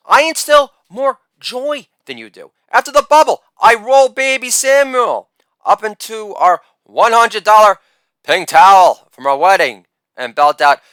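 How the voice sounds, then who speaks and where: A middle-aged man performing a boastful, theatrical stand-up comedy monologue with shouted catchphrases. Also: high-pitched, very animated, unhurried, clean tone, no room sound, clean studio sound.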